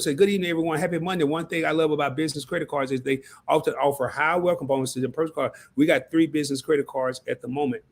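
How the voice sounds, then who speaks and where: A man hosting a live stream, chatting loosely in slang and reading out viewer messages. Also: a little high. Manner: loose slangy talk, reads out chat messages. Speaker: livestream host. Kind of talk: casual livestream chat.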